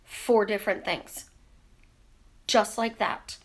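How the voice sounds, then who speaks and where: A woman coaching her viewers in a casual live stream, talking with her hands and firing off rhetorical questions. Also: mid-range voice. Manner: animated, talks with her hands, asks rapid rhetorical questions. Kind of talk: casual teaching monologue. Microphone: camera in front of her.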